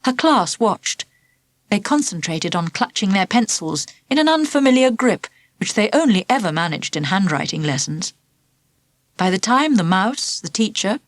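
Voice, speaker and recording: A woman narrating a children's storybook in an expressive, lively storytelling manner. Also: mid-range voice, no echo. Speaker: audiobook narrator.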